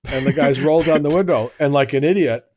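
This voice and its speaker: A man's voice: fairly high pitch, a little fast, a little mellow. A man in his forties co-hosting a podcast, telling a long story in a casual, rambling way, often cutting himself off and laughing. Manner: rambling, self-interrupting, laughs at own story. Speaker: podcast co-host.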